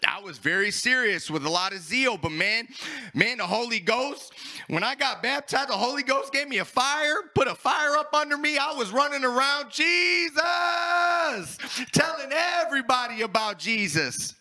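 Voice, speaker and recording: A male pastor preaching a sermon and telling his own testimony, rambling with many restarts and building to loud fervor. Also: very high voice, normal speed.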